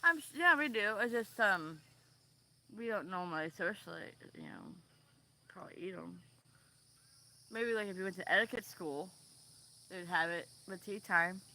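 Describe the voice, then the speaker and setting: A woman chatting casually on a vlog, meandering and pausing often with ums and trailing sentences. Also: medium pitch, expressive, sharp tone. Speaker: vlogger. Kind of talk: rambling casual chat.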